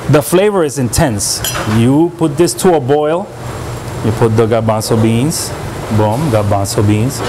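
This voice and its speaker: A man's voice: fairly high pitch, noisy background. A man who cooks at a restaurant, walking through a dish step by step in a casual way and often checking in with "right?". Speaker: restaurant cook. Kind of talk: casual kitchen demonstration. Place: restaurant kitchen.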